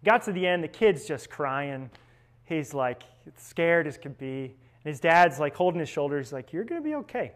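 A man's voice: a little high, unhurried. A young man, a seminarian, giving a conversational spiritual reflection, telling stories and often checking in with tag questions. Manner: storytelling, with frequent tag questions.

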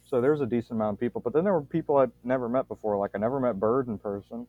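A man from Louisiana chatting casually, an animated storyteller who swears freely. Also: medium pitch, racing, dry recording, phone-quality sound. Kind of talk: casual chat.

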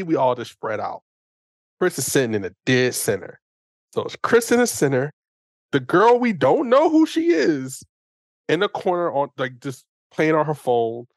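A young man tells a story in a loose, chatty way and often breaks into laughter. His pitch swings widely, rising and falling as he goes. The recording is dry and close, with no room sound. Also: no room sound. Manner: animated, laughs through the telling. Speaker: podcast host. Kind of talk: casual storytelling.

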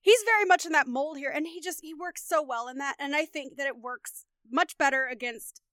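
A woman's voice: high voice, a little fast, fairly bright tone, no echo, studio quality. A woman co-hosting a casual movie podcast, talking enthusiastically about actors. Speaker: podcast co-host.

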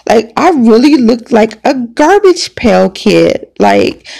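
A woman's voice: high voice, animated, slow, gravelly, hardly any pauses, warm tone. A woman hosting a podcast, telling a personal story in a casual, emphatic, conversational way. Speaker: podcast host.

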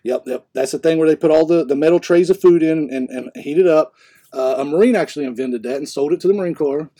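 Fast-talking man spinning rambling stories. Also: a little high, dark tone, slightly rough. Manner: rambling, self-correcting anecdotes. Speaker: podcast co-host. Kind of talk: casual storytelling.

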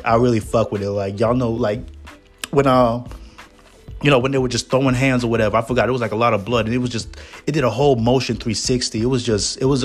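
A man hosting a casual podcast review, joking and slangy, with a lot of profanity. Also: mid-range voice. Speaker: podcast host.

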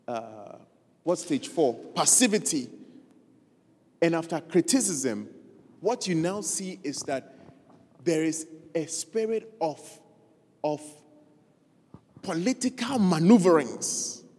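A preacher giving an animated sermon, repeating key phrases for emphasis and acting out quoted voices. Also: medium pitch, takes it slowly, pauses often, slightly rough. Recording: reverberant hall.

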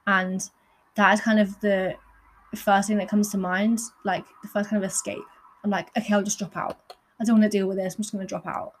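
A woman's voice: mid-range voice, level tone, fairly quick, slight background noise. A young woman hosts her podcast in a candid, earnest personal monologue, peppered with "like.". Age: young adult. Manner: candid and earnest, with frequent fillers like "like". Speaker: podcast host.

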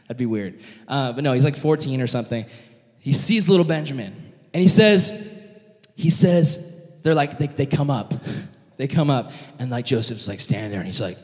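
A man preaching a humorous, casual sermon in a church hall, retelling a Bible story with animated jokes and lots of fillers. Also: medium pitch, normal speed.

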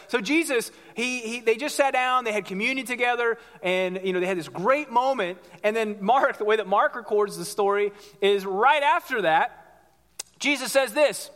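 A male pastor preaching to a congregation in a church, lively, asking the room questions and acting out quotes. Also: high-pitched, a little fast. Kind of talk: sermon. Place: church sanctuary before a congregation. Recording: long hall reverb.

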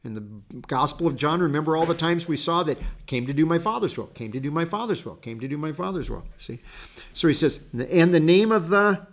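A man's voice: a little high, brisk. Earnest folksy male Bible teacher. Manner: earnest, folksy, with animated storytelling asides.

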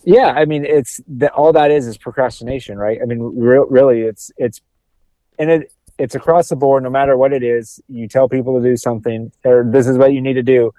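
A man co-hosting a podcast talks in a rambling way, stumbling over repeated words. His voice is dark and mellow. The recording is close and dry. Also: mid-range voice, steady tone, brisk, no room sound. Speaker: podcast co-host. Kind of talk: casual podcast chat.

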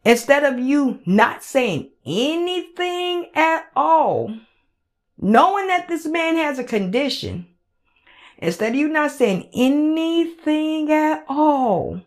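A woman hosts her podcast alone, venting in a heated and openly profane way. She talks slowly and hammers her points home by repeating them. Her voice sits on the higher side. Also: sing-song. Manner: heated, blunt and profane, repeats phrases for emphasis. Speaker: podcast host. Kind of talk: solo commentary rant.

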